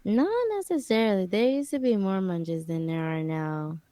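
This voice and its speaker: A woman co-hosting a podcast in casual chat, with a slow, low nighttime voice. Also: lively intonation, warm tone, smooth, dry recording. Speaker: podcast co-host.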